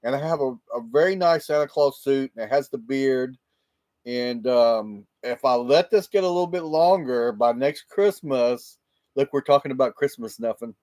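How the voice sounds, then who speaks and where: A man on a livestream holds a casual chat with his audience via laptop microphone, rambling and often laughing. His medium-pitched voice is slightly mellow, at a moderate pace.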